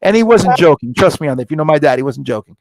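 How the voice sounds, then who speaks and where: Middle-aged male guest, energetic storyteller who acts out both sides of a conversation, dry close mic. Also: fairly high pitch, very fast, gravelly, dry recording. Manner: lively storyteller, acts out dialogue with rising excitement. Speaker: scotch company founder, guest. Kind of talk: animated storytelling interview.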